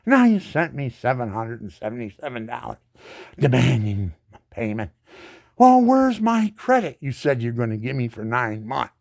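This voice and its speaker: A man's voice: medium pitch, big pitch swings, moderate pace, gravelly, a little mellow. A disabled veteran in his seventies, a man giving an indignant ranting monologue full of rhetorical questions and repeated words. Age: 70s. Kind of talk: angry monologue to camera.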